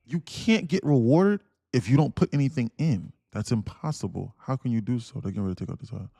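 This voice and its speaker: A man's voice: mid-range voice, a little fast, creaky, warm tone, no echo. Emphatic man ranting on a trading stream. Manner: emphatic, repetitive, laughs between points. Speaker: day trader streaming live. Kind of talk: livestream rant and trading commentary.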